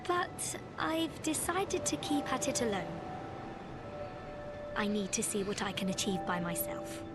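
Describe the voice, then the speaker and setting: An actress playing an earnest young female sorcery student in a game, calm and resolute. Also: medium pitch, measured pace. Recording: game audio with loud music.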